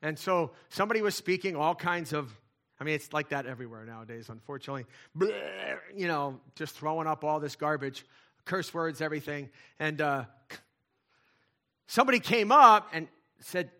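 Man, sermon, bright tone, slightly high pitch, chatty storytelling, emphatic swells. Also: lively intonation, fairly quick. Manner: conversational, swings from soft asides to loud emphatic points. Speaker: pastor.

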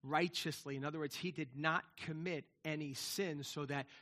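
A man's voice: on the high side, fairly even intonation, normal speed, pushed and bright. A middle-aged man preaching a sermon in a conversational way, often restarting and asking "right?". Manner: conversational preaching, many repeated words and restarts, asks "right?". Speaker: pastor.

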